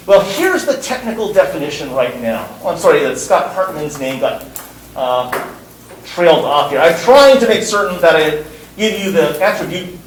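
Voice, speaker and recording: A man's voice: sits high, roomy sound, far from the mic, a little hiss or hum, low-quality recording. A man teaching a university course, lecturing in an emphatic way and repeating words for stress. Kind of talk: classroom lecture.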